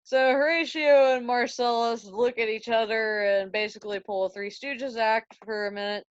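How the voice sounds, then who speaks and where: A woman's voice: fairly high pitch, fairly even intonation, moderate pace, clean tone, no room sound. Chatty student woman, slang-heavy story recap, muffled lo-fi mic. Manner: slangy, chatty, laughs at own jokes. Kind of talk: casual story retelling. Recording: dry, dull lo-fi sound.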